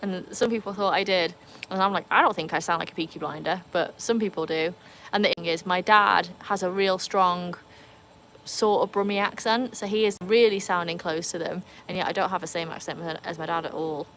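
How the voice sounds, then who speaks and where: A woman's voice: lowish voice, a little fast, a bit bright, a little hiss or hum. Chatty Welsh woman streaming live. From Wales. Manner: chatty, reads and answers comments. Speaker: livestream host. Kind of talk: casual live chat. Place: outdoors by a pool with dogs.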